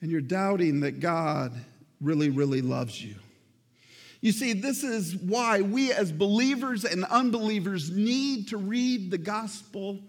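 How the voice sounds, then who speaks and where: A pastor with a high voice delivers a sermon a little slowly, his words trailing off in a long reverb through the church sanctuary. Earnestly addressing the congregation, he repeats words to stress them.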